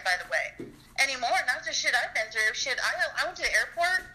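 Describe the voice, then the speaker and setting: Bright, rambling, foul-mouthed woman caller. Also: high-pitched, big pitch swings, brisk, poor audio. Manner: rambling, profane, emotional storytelling. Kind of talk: casual live-stream call.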